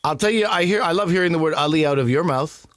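A man chatting as a guest, telling lively stories about his family and his name. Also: fairly high pitch, fast talker, no room sound, studio quality. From Pakistani family. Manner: animated, acts out other people's voices. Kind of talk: conversational storytelling.

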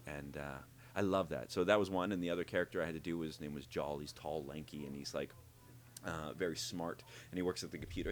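A man who works as a voice actor, talking in an interview and explaining how he builds his characters, animated and demonstrating as he goes. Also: rumbling low, fast. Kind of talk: interview conversation.

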